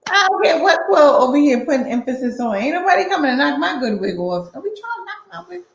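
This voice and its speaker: A woman's voice: high voice, very animated, fast, reverberant, poor audio. A woman hosting a casual podcast panel chat, talking in a blunt, emphatic, defensive way. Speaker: podcast host.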